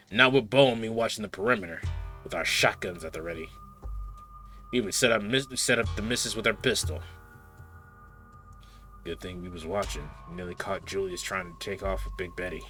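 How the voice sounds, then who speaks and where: Man plays a protective Southern US farmer: drawling, folksy, gruff. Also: sits low, normal speed, pauses often, pushed and bright, faint music behind. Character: gruff middle-aged male farmer, protective.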